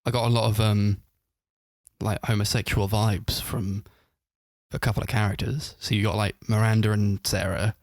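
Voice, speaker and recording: A man's voice: lowish voice, level tone, normal speed, dry recording, studio quality. A man co-hosting a casual film review podcast, retelling scenes in a rambling way full of fillers and laughing as he goes. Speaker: podcast co-host.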